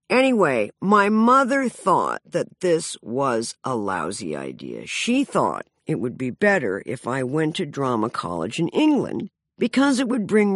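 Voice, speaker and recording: A woman's voice: low-pitched, dry recording. A woman around sixty narrating her own memoir with dry, self-mocking humor.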